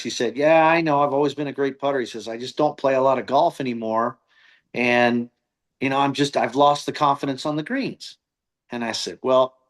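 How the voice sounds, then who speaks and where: Middle-aged male coach, chatty guest, does voices in his anecdotes. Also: mid-range voice. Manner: animated storyteller who acts out quoted voices. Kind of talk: casual storytelling interview.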